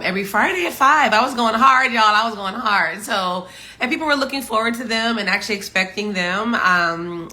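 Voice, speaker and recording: A woman with a mid-range, pushed and bright voice hosts a relaxed home livestream in her morning voice. She greets her viewers and chats cheerfully, laughing a lot.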